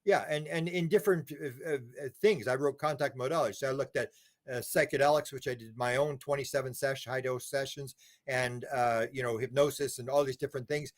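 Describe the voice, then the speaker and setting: A man's voice: mid-range voice, a little fast. A man being interviewed, telling long rambling stories, repeating words and acting out quotes. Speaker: interview guest. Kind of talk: casual interview talk.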